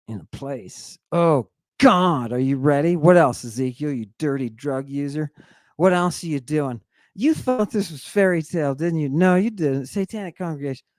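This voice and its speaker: A man giving an excitable, irreverent lecture as a guest scholar, teasing his audience and calling out to the crew. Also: a little high, no room sound, clean studio sound. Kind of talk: animated lecture on ancient texts.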